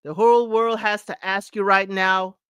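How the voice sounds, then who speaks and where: A woman's voice: mid-range voice, little pitch movement, normal speed, fairly bright tone, clean tone, no echo. Woman host, middle-aged, casual and chatty, sings along in places; dry close mic. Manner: chatty, sings snippets, laughs often. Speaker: podcast host. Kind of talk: casual chat counting down music.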